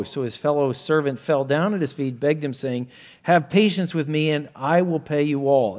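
A man preaching an expository sermon in a mid-range voice. He reads and explains scripture verse by verse. He acts out the characters' pleas with sudden rises in pitch and loudness. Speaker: pastor.

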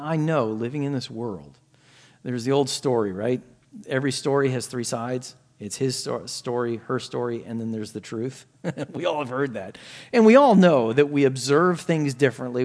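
A man preaching a sermon, earnest, swinging from quiet asides to emphatic raised points. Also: fairly high pitch.

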